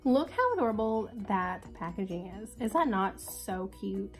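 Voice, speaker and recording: A woman's voice: medium pitch, lively intonation, moderate pace, faint music behind. A young woman with a congested, sick voice chatting casually and upbeat through a makeup tutorial. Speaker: beauty vlogger.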